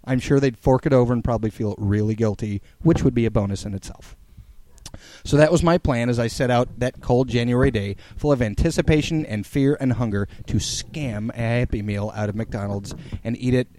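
Man reading a comic blog, mellow voice. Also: mid-range voice, a little fast, a little hiss or hum. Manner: playful, animated storytelling. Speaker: podcast host reading a blog aloud. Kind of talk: dramatic comic reading with chat.

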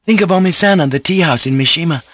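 A man's voice: a little high, fast, a bit bright, no echo, clean studio sound, pitched above the performer's own voice. A man voicing an anxious young Japanese woman who scolds and soothes herself in her thoughts. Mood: coaxing. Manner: urgent inner voice, chiding herself.

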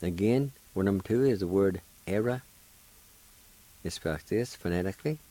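A language teacher hosting a radio lesson spells and pronounces words syllable by syllable with patience, ending on an encouraging note. His low voice is mellow and expressive at a moderate pace, captured in a rough recording with no echo.

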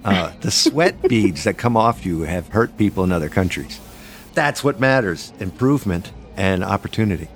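A man's voice: low voice, animated, normal speed, music in the background. A man hosting a podcast, chatting casually and teasing his co-hosts with jokes. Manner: teasing, joking banter. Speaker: podcast host. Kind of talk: casual chat.

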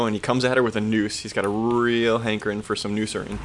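A man co-hosting a podcast, recapping a horror episode in an animated, profane, casual way. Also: fairly low pitch. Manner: animated, profane storytelling with quick put-on voices. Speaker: podcast co-host.

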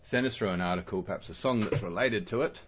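Male co-host with a lowish voice, loose chatty podcast banter, laughs a lot, meanders. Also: fast talker, slightly rough. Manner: laughs often, rambling and self-correcting. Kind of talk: casual chat.

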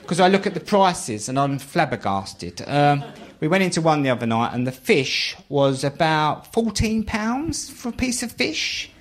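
A man's voice: fairly high pitch, very animated, unhurried. A man with a London accent telling comic stories with wry, mock-posh asides, then hosting a chat. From southeast London. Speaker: host. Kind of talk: stand-up comedy then group chat. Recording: crowd laughter behind.

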